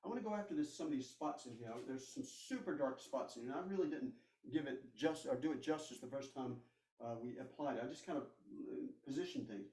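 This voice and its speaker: A man's voice: medium pitch, a little fast, creaky, warm tone, roomy sound, distant mic, poor audio. A man teaching a live airbrush painting demonstration, talking casually and reassuringly as he works. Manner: casual, reassuring, thinks aloud while working. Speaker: art instructor.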